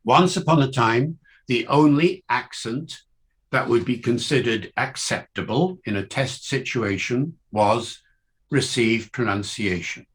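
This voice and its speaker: Older man, linguist lecture, very slow pace, emphatic, rhetorical questions. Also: mid-range voice, a bit bright. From Wales. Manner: measured, deliberate, emphatic phrasing with rhetorical questions. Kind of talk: academic lecture.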